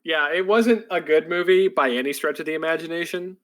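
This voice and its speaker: A man's voice: fairly high pitch, brisk, a bit bright. A man co-hosting a podcast, recapping shows in a loose, rambling casual chat full of fillers and restarts. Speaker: podcast co-host.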